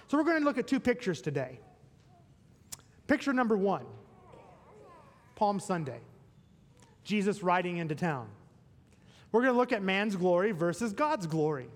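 High-voiced pastor preaching in a reverberant church. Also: male voice. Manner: playful, animated preaching with asides to the congregation. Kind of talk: sermon. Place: church sanctuary. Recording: long reverb of a church hall.

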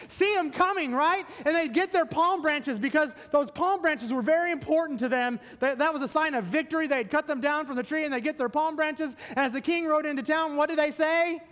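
Male pastor, very high-pitched for a man, playful and animated sermon delivery, recorded with long church-hall reverb. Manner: playful, animated preaching with asides to the congregation. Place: church sanctuary.

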